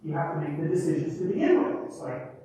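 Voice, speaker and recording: Earnest man from Canada lecturing from a played video, slightly high voice, very echoey and distant with faint hiss. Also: big pitch swings, fast talker, mellow. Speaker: public speaker. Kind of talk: lecture clip. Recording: video clip played in a hall, heard from far off.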